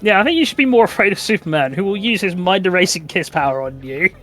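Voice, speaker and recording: Male streamer host, crude and joking, a bit high-pitched, faint music behind. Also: animated, fast talker, a bit bright. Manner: crude, joking, swears a lot. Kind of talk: casual chat while streaming a game. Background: game music.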